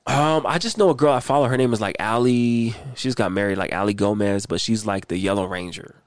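A man's voice: lowish voice, a little fast, no echo, studio quality. A man co-hosting a podcast, chatting casually, joking and swearing freely. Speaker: podcast co-host. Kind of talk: casual chat.

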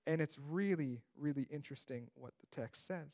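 Bible teacher, male, slightly higher pitch, casual delivery with quips. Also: normal speed, a little mellow. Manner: conversational, with joking asides.

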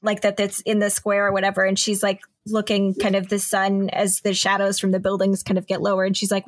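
Brief: woman player, casual and rambling, mid pitch, dry close sound. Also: completely flat delivery, brisk, hardly any pauses, dry recording. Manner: chatty, frequent "like" fillers. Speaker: tabletop game player. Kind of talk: casual game narration.

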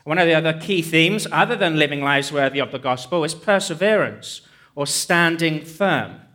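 A man's voice: fairly high pitch, expressive, moderate pace, pushed and bright. A man preaching a sermon as pastor, joking conversationally on a hands-free mic in a church. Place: church hall. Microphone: hands-free headset mic.

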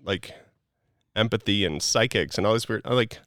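A man telling personal stories in a casual, animated way, acting out dialogue and using lots of fillers. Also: fairly low pitch, normal speed, no room sound, studio quality. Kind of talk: casual storytelling.

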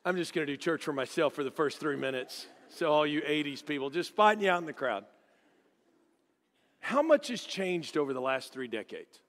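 Animated middle-aged preacher, reverberant hall. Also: male voice, fairly high pitch, moderate pace. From Dallas, Texas. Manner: joking, animated storytelling with acted-out voices. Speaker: guest preacher. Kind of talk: storytelling sermon. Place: church sanctuary.

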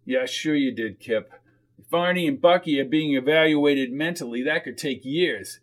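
A man's voice: on the high side, moderate pace, lightly acted. A man voicing a weary, dry-humored small-town football coach in an audiobook.

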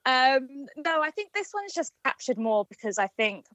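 A woman's voice: sits high, big pitch swings, moderate pace, crowd noise. A woman, a supporters' trust representative explaining a fan campaign at length in a casual podcast interview, with many fillers and restarts.

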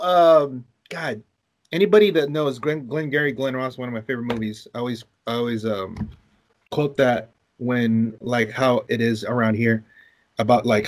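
A man co-hosting a casual podcast, talking animatedly, swearing and telling long stories. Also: mid-range voice. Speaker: podcast co-host. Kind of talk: casual chat.

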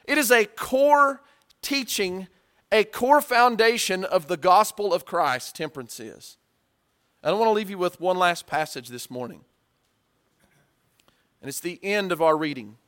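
A male preacher delivering a sermon, swinging from hushed asides to loud, acted-out story lines. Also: high-pitched, unhurried, pauses often, clean tone.

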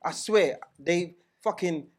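A man's voice: a little high, slow, a little mellow. A man co-hosting a casual podcast, swearing and talking over the others. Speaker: podcast co-host. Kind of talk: casual group banter.

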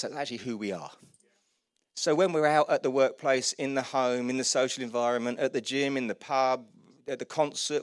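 A man's voice: medium pitch, no room sound, clean studio sound. A middle-aged man, a pastor preaching a sermon and acting out short everyday dialogues. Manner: animated preaching, acts out little dialogues.

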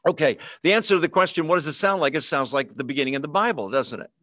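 A man's voice: fairly high pitch, expressive, fast talker, sharp tone, dry recording, clean studio sound. A man leading a Bible study over a video call, talking casually with fillers and humorous asides. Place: online video meeting.

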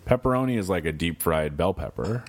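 A man's voice: low voice, animated, a little fast. A man co-hosting a podcast, chatting casually in a laid-back way, swearing freely and mimicking people in his stories. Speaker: podcast co-host. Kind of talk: casual chat.

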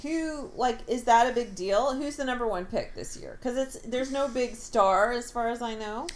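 A woman's voice: a little high, normal speed, a little hiss or hum. A woman co-hosting a casual chat as the mother, playful and teasing, asking lots of questions. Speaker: co-host, mother of the other host.

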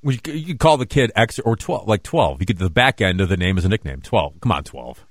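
A man co-hosting a radio show, bantering in a teasing, quick way. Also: lowish voice, no room sound, clean studio sound. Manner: animated, teasing, quick asides. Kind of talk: casual studio banter.

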